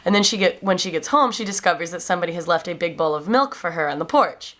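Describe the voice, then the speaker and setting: Twenties woman vlogging kid stories, slightly low voice, relaxed and chatty, lots of ums. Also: fast talker. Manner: chatty, frequent ums, bright lift when quoting kids. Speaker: vlogger and classroom aide. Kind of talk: casual storytelling vlog.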